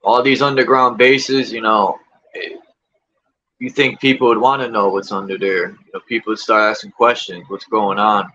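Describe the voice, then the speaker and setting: A man's voice: on the low side, fairly even intonation, normal speed, sharp tone, dull audio. A man hosting a livestream, ranting in casual talk and repeatedly tossing in rhetorical questions. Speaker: livestream host.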